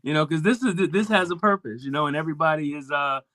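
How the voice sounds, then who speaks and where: A man's voice: a little high, quick pace, pushed and bright, no room sound. A man hosting a sports talk show, talking casually with lots of fillers and restarts.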